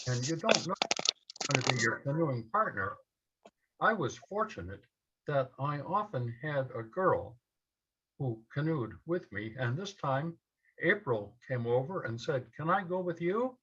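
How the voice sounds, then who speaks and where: Male storyteller, unhurried and measured, husky edge, taped on muffled lo-fi gear. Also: mid-range voice, sharp tone. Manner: slow, measured telling in short phrases. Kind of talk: personal story told to a live audience. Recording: dull lo-fi event recording.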